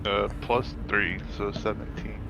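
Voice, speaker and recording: A man playing a tabletop game, speaking in a halting, hesitant way. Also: fairly low pitch, flat delivery, dull audio, over music. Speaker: player. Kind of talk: casual tabletop play.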